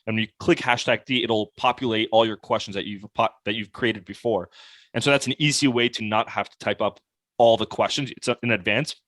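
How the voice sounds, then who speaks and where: A man's voice: lowish voice, brisk, dry recording. Casual young man, dry close sound. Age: young adult. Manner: casual, animated, heavy use of "like". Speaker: podcast guest, sales coach. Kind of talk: conversational podcast interview.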